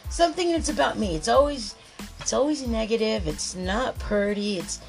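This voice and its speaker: A woman's voice: fairly high pitch, moderate pace, vocal fry, faint music behind, poor audio. A woman podcast host in a rambling, heated monologue, swearing constantly and restarting her thoughts.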